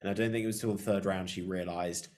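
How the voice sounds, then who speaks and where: A man co-hosting a podcast, speaking in a casual, steady way and moving the talk along. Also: deep voice, fast. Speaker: podcast co-host. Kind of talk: casual chat.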